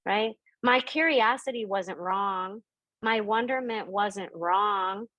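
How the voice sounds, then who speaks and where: A woman's voice: takes it slowly, fairly bright tone, no echo, low-quality recording. A middle-aged woman on a video call, telling personal stories as she teaches about spirit and intuition, and acting out the voices of the people in them. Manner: storytelling, acts out quoted voices with big pitch jumps.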